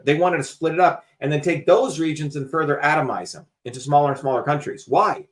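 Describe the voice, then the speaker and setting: A man's voice: fairly high pitch, a little fast, hardly any pauses. A man hosting a talk show, lecturing emphatically in casual conversation and cursing freely. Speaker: host.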